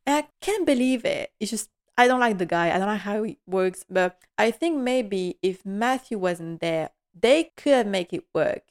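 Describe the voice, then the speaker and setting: A woman's voice: lowish voice, animated, fairly quick, few pauses. Gushing, chatty woman recapping a show. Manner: chatty and gushing, with frequent laughs. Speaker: TV recap vlogger. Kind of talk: casual episode recap.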